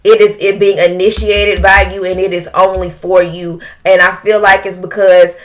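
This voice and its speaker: A woman giving an emotional tarot reading, breaking into drawn-out exclamations. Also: medium pitch, flat delivery. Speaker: tarot reader.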